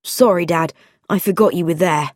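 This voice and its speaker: A woman's voice: on the low side, normal speed, darkish tone, dry recording, studio quality, natural voice. A woman voicing an earnest, loyal young man, the son of a vicar, speaking plainly and frankly in a storybook reading. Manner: plain, frank, self-deprecating.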